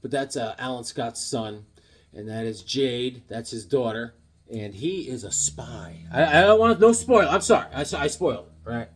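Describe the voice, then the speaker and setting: A man showing off his comic books in a casual vlog, animated and joking, with corny puns and sudden yelps. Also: mid-range voice, moderate pace, husky. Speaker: comic book vlogger. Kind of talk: casual show-and-tell chat.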